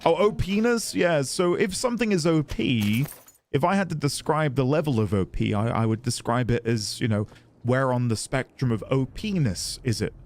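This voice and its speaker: A man's voice: mid-range voice, animated, normal speed. A man streaming a video game, chatting loosely with his viewers, rambling and laughing often. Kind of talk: casual gaming livestream chat.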